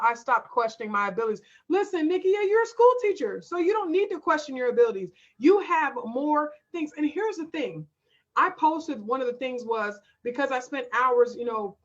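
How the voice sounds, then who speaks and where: A fairly high-voiced woman hosts a casual livestream from her desk, reading out viewer comments and speaking straight to her audience. Her delivery is emphatic and folksy, and the audio sounds a little dull and lo-fi. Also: fairly bright tone. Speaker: homeschool livestream host.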